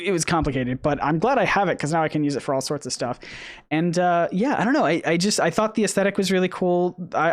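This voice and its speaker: A man hosting a casual live stream, talking in a rambling way with many restarts, his voice a little worn. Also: a little high. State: losing his voice. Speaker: host.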